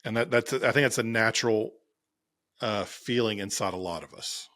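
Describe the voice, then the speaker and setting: A man's voice: on the low side, moderate pace, fairly bright tone. A man co-hosting a casual faith podcast, speaking in a reflective way. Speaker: podcast co-host.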